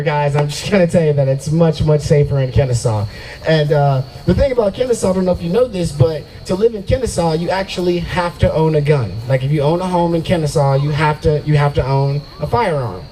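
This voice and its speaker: A man's voice: on the high side, expressive, brisk, dark tone, a little hiss or hum, rough recording. A young man doing a brash, profane stand-up set at an open mic night in a brewery and riffing with the crowd. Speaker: stand-up comedian.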